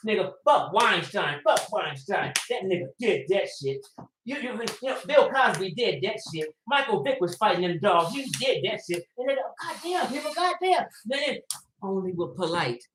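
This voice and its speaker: A man hosting a livestream, ranting bluntly and profanely, swinging between loud outbursts and low muttering. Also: big pitch swings, normal speed, slight background noise. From Los Angeles. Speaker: livestream host. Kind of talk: livestream commentary rant.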